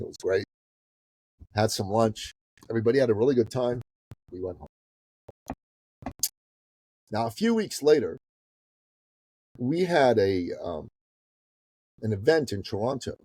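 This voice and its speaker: A man in his fifties from the Middle East, a business coach telling a story as a podcast guest in a casual, animated way that swings between loud and hushed. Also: lowish voice, unhurried, pauses often, slightly rough, no echo, rough recording. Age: 50s.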